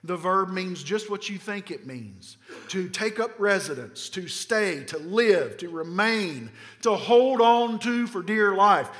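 Man, Southern American accent, pastor, emphatic sermon, rhetorical questions, higher voice, long hall reverb. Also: expressive, takes it slowly, a bit bright.

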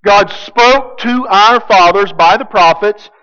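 A man preaching a sermon, emphatic, swinging from hushed to loud. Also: high-pitched, takes it slowly, smooth, lo-fi sound. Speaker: pastor.

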